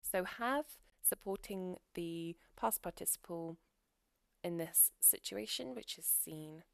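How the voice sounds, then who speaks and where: A woman teaching English grammar in a recorded lesson, explaining clearly and steadily with example sentences. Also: fairly low pitch, lively intonation, slow, no echo.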